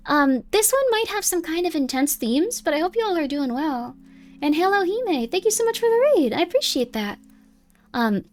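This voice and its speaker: A woman streams a game live, with rambling, chatty commentary. She often reads the game text aloud. Her voice sits a little higher than most. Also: very animated, moderate pace.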